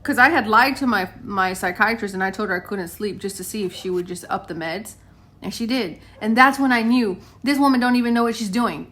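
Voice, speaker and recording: This late-thirties vlogger talks casually to camera at home at a moderate pace, her mid-range voice a little bright. She tells stories to viewers she calls guys, acting out the quoted lines of each conversation.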